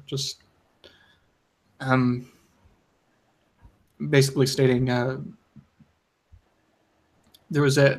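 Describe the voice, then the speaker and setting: Flat-toned man playing a tabletop game. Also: medium pitch. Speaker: player. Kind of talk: tabletop role-play.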